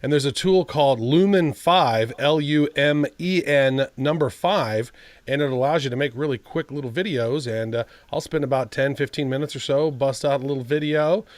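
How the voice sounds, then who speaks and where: A man's voice: medium pitch, normal speed, no echo. A man co-hosting a podcast, playful and chatty in casual talk. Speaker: podcast co-host.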